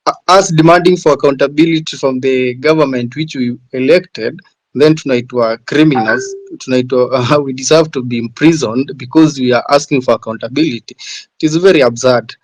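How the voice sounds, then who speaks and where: A man's voice: medium pitch, fairly quick, no echo, rough recording. A man with a Kenyan English accent speaking earnestly in a live audio room, hesitant with fillers. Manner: earnest, hesitant with many uh's, mixing Swahili. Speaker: caller on a live audio space.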